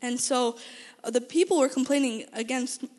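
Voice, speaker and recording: A woman telling Bible stories in a casual lesson, lively and chatty, often restarting phrases and asking the audience questions. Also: high voice, moderate pace. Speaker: Bible teacher. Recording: long hall reverb.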